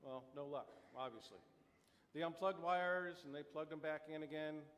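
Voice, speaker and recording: A man's voice: on the high side, normal speed, a bit bright. Man speaking in a reverberant conference hall. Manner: storytelling, wry asides, acronym-heavy. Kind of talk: prepared conference talk.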